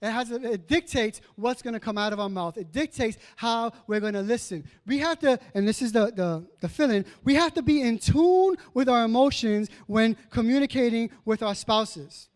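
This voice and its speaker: A middle-aged male pastor giving a casual, animated sermon, acting out quoted asides. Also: very high-pitched, normal speed, few pauses.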